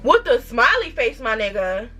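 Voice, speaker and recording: A woman in her twenties with a New York accent, telling a storytime vlog in an animated, emphatic way with rhetorical questions. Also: on the high side, normal speed, breathy edge, soft background music. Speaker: vlogger.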